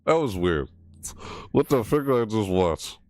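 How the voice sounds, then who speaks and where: A man's voice: lowish voice, sing-song, unhurried, no echo, clean studio sound. A man reacting to a game trailer, breaking into startled yelps and exclamations and swearing mildly. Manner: mild swearing, 'frick' and 'what the heck'. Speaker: gaming video creator. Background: faint trailer music under the voice.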